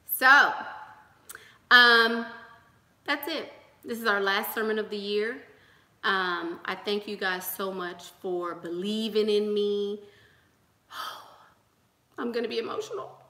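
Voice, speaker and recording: A young woman delivers a motivational sermon to her online audience, pressing each point home with repeated lines. Her voice is bright and forward, and it rings in an echoey room. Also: medium pitch, fairly even intonation, slow, pauses often. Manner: preachy and emphatic, with repeated rallying lines. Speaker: YouTube channel host. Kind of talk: motivational sermon-style talk to viewers.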